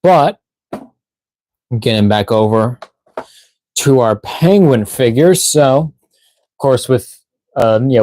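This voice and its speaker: A tired man chatting through a toy unboxing live stream. He rambles, trails off and leans on fillers, sounding short of breath at times. His mid-pitched voice sits close to the mic in a dry, dead room. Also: mellow, no echo. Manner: rambling, filler-heavy, reads chat aloud. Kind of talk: casual live stream chat.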